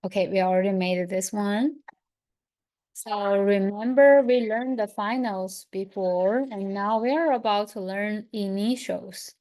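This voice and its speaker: A woman teaching an online lesson, leading slow, patient pronunciation drills and repeating each sound. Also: medium pitch, steady tone, dark tone. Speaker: language teacher.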